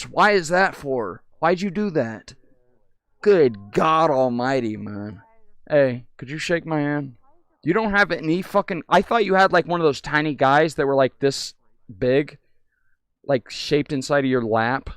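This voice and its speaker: A man chatting with strangers in a VR game, crude and teasing, swinging from mumbles to shrill giggles and shouts. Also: expressive, measured pace, smooth, no echo. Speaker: VR streamer. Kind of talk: casual VR chat with strangers.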